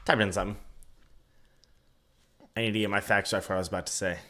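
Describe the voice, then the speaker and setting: Deadpan joking podcast co-host man. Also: fairly low pitch, fast talker, a little hiss or hum. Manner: jokey, deadpan wordplay. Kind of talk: casual podcast banter.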